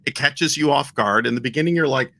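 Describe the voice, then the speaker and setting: A man's voice: medium pitch, brisk, creaky, no room sound. A man co-hosting a casual music show, explaining his song pick with enthusiasm and plenty of fillers. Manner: enthusiastic, animated storytelling with fillers. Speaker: podcast co-host.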